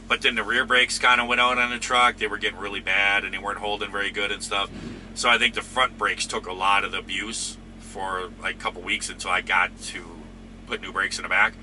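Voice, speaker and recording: A man hosting a trucking channel who rambles easygoingly through viewer comments. His voice sits a bit low but comes across sharp and bright. A faint engine hum runs behind him in the cab. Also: steady tone, brisk. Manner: rambling, easygoing, lots of fillers. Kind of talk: casual chat reading viewer comments.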